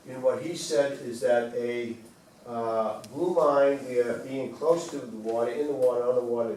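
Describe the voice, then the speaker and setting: A man's voice: mid-range voice, a little mellow. A man presenting a wellness talk to a small group, conversational and asking the audience questions. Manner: conversational, asks the audience questions, repeats points. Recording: roomy, from far off, faint room noise.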